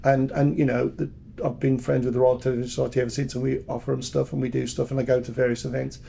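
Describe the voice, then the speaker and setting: Gravelly older man with a Brummie accent. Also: mid-range voice, level tone, fast talker, warm tone, slight background noise. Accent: Birmingham. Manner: chatty, jokey, repeats words as he goes. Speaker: podcast guest, music and PR manager. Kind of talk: candid anecdotal storytelling.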